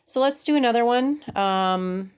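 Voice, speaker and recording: Slow, patient woman teaching grammar. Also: fairly high pitch, a little mellow, smooth. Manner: patient, checks in with "okay?" often; slow and deliberate, reads examples aloud. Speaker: English teacher. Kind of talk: grammar lesson at a whiteboard.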